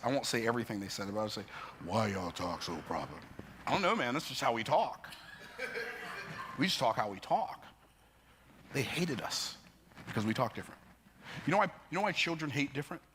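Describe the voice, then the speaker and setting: A man telling life stories in an emphatic, preacher-like motivational talk, building up and jumping into sudden high bursts. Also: noisy background. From United States. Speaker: motivational speaker.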